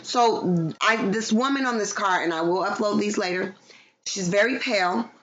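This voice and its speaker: A woman's voice: medium pitch, normal speed, fairly bright tone. A woman giving a casual, profane tarot reading to her viewers, playful and loose, at times breaking into song. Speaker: tarot reader. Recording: dull lo-fi sound with background noise.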